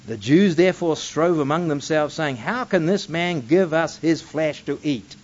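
A man's voice: on the high side, normal speed. A man teaching a Bible passage verse by verse, reading scripture aloud and breaking in with emphatic asides. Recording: dull lo-fi recording.

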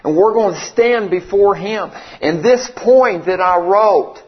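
A man's voice: sits high, a little slow. A middle-aged man, preaching a sermon in a folksy, conversational way and acting out the dialogue of a story. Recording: slightly dull lo-fi sound.

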